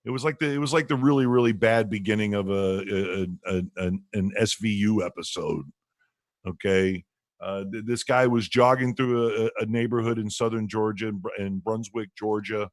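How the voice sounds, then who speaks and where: A man's voice: fairly low pitch, fairly even intonation, moderate pace, dry recording, studio quality. A man hosting a casual talk show from home over a video call, rambling with many restarts. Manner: rambling, lots of restarts and fillers. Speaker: radio show host. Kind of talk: casual chat.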